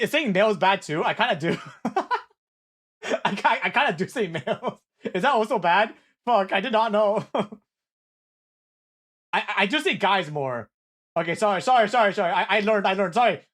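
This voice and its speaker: Excitable young man. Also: high voice, normal speed, pauses often. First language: Korean. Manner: excitable, apologetic and sweary, with frequent laughter and restarts. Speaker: streamer. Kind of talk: casual live-stream chat reacting to viewer messages.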